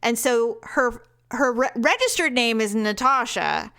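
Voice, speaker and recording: Chatty, animated woman podcast host. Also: fairly high pitch, a little slow. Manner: chatty, animated storyteller, laughs often. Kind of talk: casual chat.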